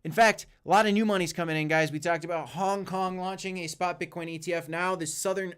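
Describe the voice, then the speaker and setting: A man's voice: high voice, fairly even intonation, brisk, fairly bright tone, smooth. A man hosting a casual livestream with commentary and Q&A, hyped and chatty, often calling out to "guys". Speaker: crypto channel host.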